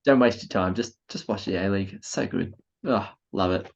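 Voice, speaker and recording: A man's voice: low-pitched, fairly quick, vocal fry. Tipsy Australian man co-hosting a footy podcast, gushing and giggly, slightly muffled lo-fi recording. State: tipsy from beer. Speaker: podcast co-host. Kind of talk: casual football podcast chat.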